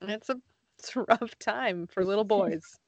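A woman's voice: mid-range voice, measured pace, creaky, no echo, lo-fi sound. A young woman co-hosting a casual podcast, joking and giggling, her voice cracking now and then. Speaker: podcast co-host. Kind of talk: casual chat.

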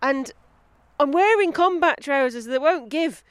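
A woman's voice: high voice, lively intonation, unhurried, no echo. A woman hosting a podcast outdoors on a woodland path, chatting casually, giggling and breaking off into asides while reading aloud. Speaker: podcast host.

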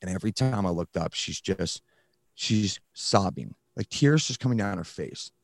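A man, a guest on a talk show, telling his personal story candidly in casual slang, often halting and restarting. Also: low-pitched, lively intonation, vocal fry, no room sound, studio quality. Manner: blunt, casual, uses slang. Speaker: guest recounting his addiction recovery.

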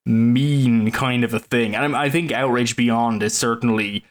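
On a film podcast, a male co-host talks through movies casually, his mid-range voice steady and slightly slow. He's thoughtful but rambling, leaning on lots of fillers.

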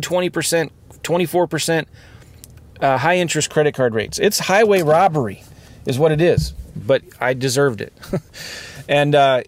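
A man hosting a podcast, talking candidly from inside his car, earnest and rambling with many fillers. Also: on the high side. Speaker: podcast host.

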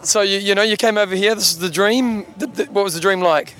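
A man's voice: high-pitched, fast, fairly bright tone, rough recording. A man who hosts a podcast, interviewing race finishers outdoors in a cheeky, joking way and often repeating his words. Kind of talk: casual on-the-spot interviews.

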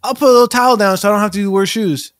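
A man's voice: high voice, very fast, a bit bright, dry recording, clean studio sound. A man improvising a defiant, sarcastic teenage son who keeps talking back. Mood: sassy. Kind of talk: improv comedy sketch.

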